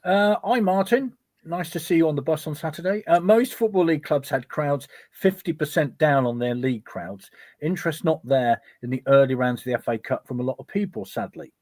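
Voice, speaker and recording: A man's voice: fairly high pitch, a little fast, darkish tone, dry recording. Guy hosting a fan show, reads out messages, dry close sound. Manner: chatty, reads out listener messages. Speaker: host. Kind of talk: casual fan talk show.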